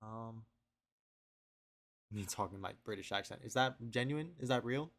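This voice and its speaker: A man's voice: mid-range voice, fairly quick, fairly bright tone. Rambling young man at his webcam. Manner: rambling, self-questioning, trails off and repeats himself. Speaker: video diarist. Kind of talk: rambling confessional vlog. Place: at home at a webcam.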